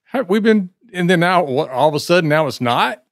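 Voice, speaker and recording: A man co-hosting a podcast in casual chat, animated and acting out what people said. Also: a little high, fairly quick, no echo, studio quality. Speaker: podcast co-host.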